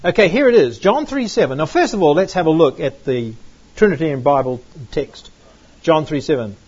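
Emphatic husky-voiced man teaching. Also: on the high side, animated, fairly quick, a little mellow. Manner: emphatic, repeats words for stress, asks "right?" and "okay?". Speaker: Bible teacher. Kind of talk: classroom-style lecture with slides. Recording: muffled lo-fi recording.

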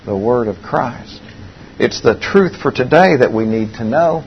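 A man's voice: medium pitch, lively intonation, measured pace, slight background noise. A man preaching a sermon, telling a story in an earnest way and repeating key phrases. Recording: dull lo-fi recording.

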